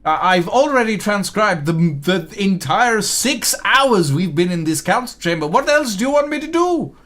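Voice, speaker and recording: A man's voice: high voice, big pitch swings, normal speed, a bit bright, voice pushed up. A man voicing a weary, grumpy male elf cleric and scribe who complains with exasperation. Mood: exasperated.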